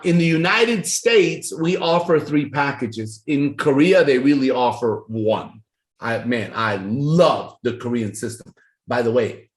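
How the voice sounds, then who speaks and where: A man giving a sales training talk, acting out the dialogues of a sales pitch in an animated way. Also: echoey room.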